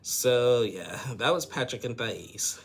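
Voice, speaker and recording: A man's voice: medium pitch, expressive, takes it slowly, gravelly, breathy edge. A man casually recapping a reality TV episode, rambling, repeating words and adding judgmental asides.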